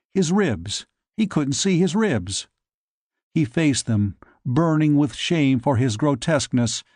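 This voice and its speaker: A man narrating an audiobook in a measured storytelling delivery. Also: medium pitch, a little mellow, no room sound, studio quality. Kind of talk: scripted narration.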